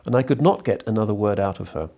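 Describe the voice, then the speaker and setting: Man reading as an older desert chief in grief, deep mellow voice, restrained. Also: animated, quick pace, vocal fry. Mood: grave. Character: grieving Libyan tribal chief, older man.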